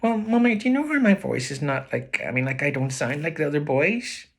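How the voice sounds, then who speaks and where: A man with a Belfast accent voicing an anxious, soft-spoken young boy in a high, pleading voice. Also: animated, fairly quick, vocal fry. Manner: high, pleading, eager to please.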